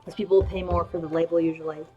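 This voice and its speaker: A woman's voice: lowish voice, little pitch movement, quick pace, lo-fi sound, over music. A woman streamer chatting casually while she draws, rambling along with lots of ums and restarts. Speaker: streamer drawing emotes. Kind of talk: casual chat while drawing.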